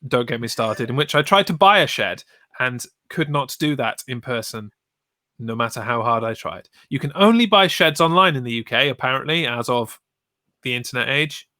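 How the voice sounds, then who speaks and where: Bright-voiced man joking on a podcast. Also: mid-range voice, lively intonation, normal speed, no room sound, studio quality. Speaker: podcast co-host. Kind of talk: casual chat.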